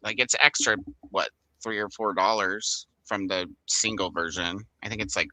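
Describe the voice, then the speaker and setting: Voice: low-pitched, steady tone, normal speed, bright, forceful tone, no room sound, poor audio. An American co-host chatting casually on a livestream and weighing in with opinions. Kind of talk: casual chat.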